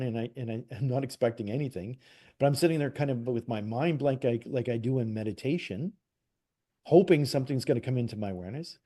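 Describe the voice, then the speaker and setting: A man from Canada, a psychic medium, casually telling a personal story as an interview guest, acting out quoted dialogue with lots of restarts. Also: mid-range voice. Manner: animated retelling, acts out quoted dialogue, frequent "like" and restarts.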